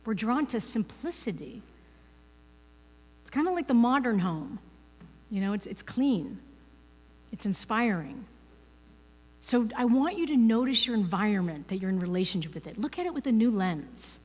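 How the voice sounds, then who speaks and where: A woman's voice: fairly high pitch, big pitch swings, normal speed, pauses often, a little mellow, slightly rough. Woman speaking in a reverberant hall. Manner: chatty, peppered with "you know" and "right?". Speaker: guest speaker at a spiritual ministry. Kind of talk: conversational inspirational talk. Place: ministry service hall, indoors.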